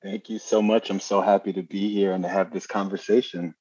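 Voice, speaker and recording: A man from New Jersey with a New York accent, a podcast guest who talks calmly and earnestly with frequent ums. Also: low voice, a little fast, husky, dull audio. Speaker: podcast guest, astro-numerologist. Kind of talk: casual interview chat.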